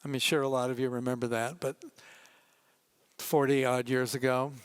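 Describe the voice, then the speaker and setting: An older man giving a conference talk as a photojournalist, telling wry, relaxed anecdotes about his pictures with asides to the audience. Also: mid-range voice, moderate pace, clear, resonant tone, no echo.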